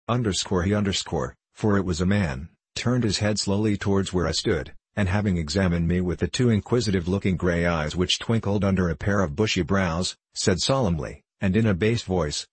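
A man narrating a classic novel in a measured, formal reading. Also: sits low, breathy edge, dry recording. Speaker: audiobook narrator.

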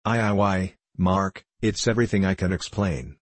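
A huge, slow-witted man from a storybook stumbles and repeats himself helplessly, as a male narrator reads him. His voice sits very low and husky. The recording is close and dry. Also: sing-song, a little mellow, no echo, exaggerated voice. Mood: pleading.

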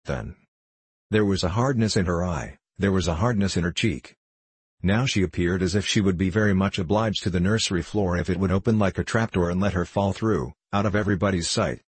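A man reading a children's storybook aloud in a measured, even way. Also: deep voice, husky, no echo. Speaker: audiobook reader. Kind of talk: scripted narration of a children's book.

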